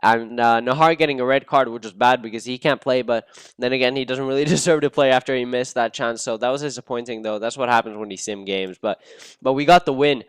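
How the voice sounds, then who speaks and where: A young man talks through his gameplay in a smooth, clear voice, flaring into excited, swearing outbursts. The sound is dry and close, with no room around him. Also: mid-range voice, a little fast, no echo. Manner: excitable, cursing, bursts of outrage at misses. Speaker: gaming channel host. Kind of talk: casual gameplay commentary.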